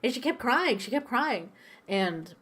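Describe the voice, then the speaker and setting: A woman's voice: on the high side, big pitch swings, a little slow, fairly bright tone, husky. A young woman streamer chatting casually while she draws, rambling and swearing freely. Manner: rambling, swears freely, laughs at her own stories. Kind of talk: casual chat while drawing on a livestream.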